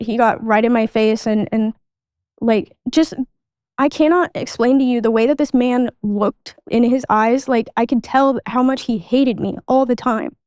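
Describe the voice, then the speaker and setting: Recounting her childhood as a podcast guest, an adult woman speaks casually with plenty of "like" fillers. Her voice sits on the high side with a darkish yet clean tone, captured dry with clean studio sound.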